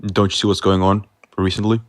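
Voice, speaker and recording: A man in his late teens, calling in to a debate and speaking in a hesitant, halting way. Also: low voice, flat delivery, no echo, clean studio sound. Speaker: caller. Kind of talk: call-in debate.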